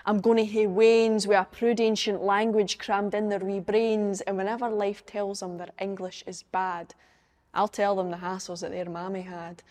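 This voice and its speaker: A woman's voice: mid-range voice, a little mellow, long reverb tail. Young Scottish woman reciting a poem. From Scotland. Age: young adult. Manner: rhythmic rhyming recitation in broad Scots words. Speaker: poet. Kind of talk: poetry reading.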